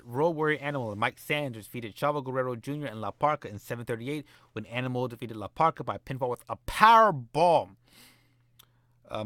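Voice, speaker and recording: A man's voice: mid-range voice, a bit bright, no room sound. A man casually narrating a wrestling management game, rambling and correcting himself as he goes. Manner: rambling, self-correcting, playful. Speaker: game commentator. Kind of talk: casual let's-play narration.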